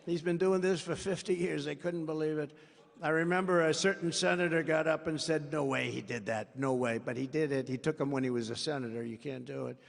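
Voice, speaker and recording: High-voiced man rambling at a rally. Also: steady tone, fairly quick, gravelly. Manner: rambling, boastful, with off-the-cuff asides to the crowd. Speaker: political candidate at a campaign rally. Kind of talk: rally speech. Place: large rally venue before a crowd. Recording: long reverb of a big rally hall.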